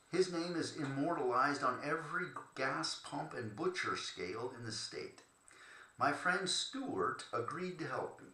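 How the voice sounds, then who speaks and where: A man's voice: mid-range voice, pushed and bright, echoey room, rough recording. A man reading his memoir aloud in a loose, chatty way, stopping to joke and fumble between passages. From Cleveland, Ohio. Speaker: termite treatment contractor telling his story.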